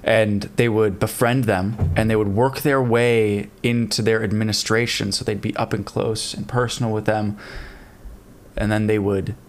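A man's voice: on the low side, moderate pace. A man casually telling a history story to a friend on a podcast, with plenty of fillers. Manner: relaxed storytelling with fillers and laughs. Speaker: podcast co-host.

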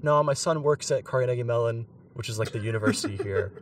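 A man's voice: mid-range voice, fast talker, slight background noise. Young man telling a story casually, mic a bit far off. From Pittsburgh, USA. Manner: animated, laughs mid-story, many fillers. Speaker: podcast co-host.

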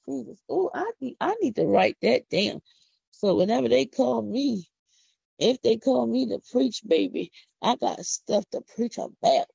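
A middle-aged woman from Philadelphia with a Philadelphia accent, hosting a casual, preachy podcast monologue with excited whoops. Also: a little high, creaky, slightly rough, dry recording. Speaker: podcast host. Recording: dull lo-fi audio.

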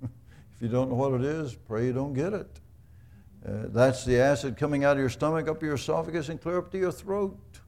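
Male preacher, gravelly voice, conversational sermon with rhetorical questions. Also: mid-range voice, brisk, a little mellow. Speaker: pastor.

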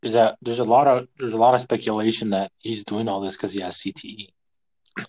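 A man's voice: lowish voice, steady tone, a little fast, a little mellow. A young man co-hosting a casual fantasy football podcast, laid-back and reflective. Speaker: podcast co-host.

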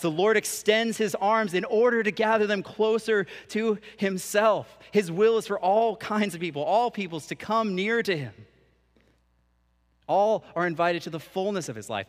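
A young man preaching a sermon as a church minister, mixing scripture with casual, conversational asides. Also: on the high side. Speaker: canon for student ministry, preacher. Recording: long reverb of a church hall.

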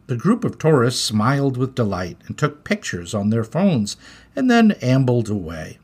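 Animated, husky-voiced male storyteller. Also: medium pitch, normal speed. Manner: expressive, animated. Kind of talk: storybook read-aloud.

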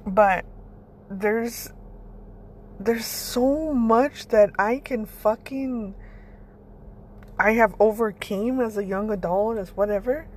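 A woman's voice: on the high side, takes it slowly, long pauses, a little mellow, slight background noise. A woman hosting a casual motivational monologue, blunt and rambling, swearing freely as she talks. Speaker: podcast host.

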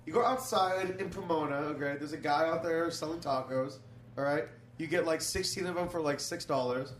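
A man's voice: a little high, fairly quick. A man in casual chat, ranting emphatically with lots of swearing. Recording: roomy with crowd noise.

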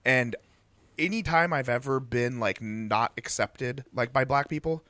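A man's voice: mid-range voice, measured pace, sharp tone, no room sound. A young adult male stand-up comedian chatting casually, rambling with lots of fillers. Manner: rambling, many "like" fillers, laughs easily. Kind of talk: casual podcast chat.

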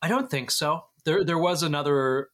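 A man's voice: fairly high pitch, normal speed, a bit bright. Casual man guesting on a podcast. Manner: emphatic, casual, swears for emphasis. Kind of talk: casual chat.

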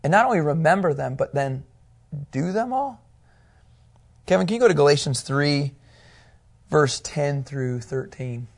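A man teaching a Bible class, animated and asking his students questions as he goes. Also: on the high side, measured pace, creaky, long pauses.

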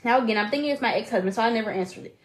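A woman podcast co-host with a fairly high voice. She reads a listener's email dramatically, then gives blunt, profane advice in a casual tone. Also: rapid-fire, poor audio.

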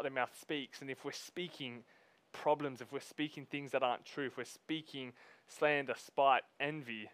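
A man preaching a sermon. He reads scripture slowly, then talks to the congregation in a casual, emphatic way. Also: mid-range voice, a bit bright, no echo.

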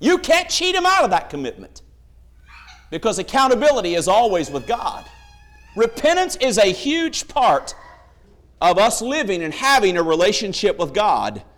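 A man's voice: high-pitched, wildly swooping pitch, moderate pace, fairly bright tone. A man preaching a sermon, emphatic, telling stories and acting out the voices in them.

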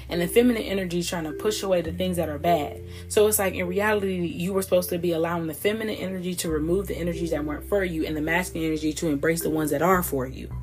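Casual card-reader woman, a bit low-pitched, loose and profane, with music running clearly behind her. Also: darkish tone. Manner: rambling, profane, frequent restarts; addresses listeners directly as y'all. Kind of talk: casual oracle card reading.

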